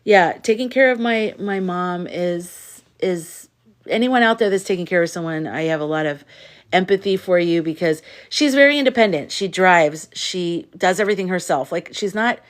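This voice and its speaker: Woman livestreamer, worn out, frustrated venting between shout-outs. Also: lowish voice, moderate pace. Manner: venting, frustrated and weary, thanks viewers by name. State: exhausted. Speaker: live streamer. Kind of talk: casual livestream chat.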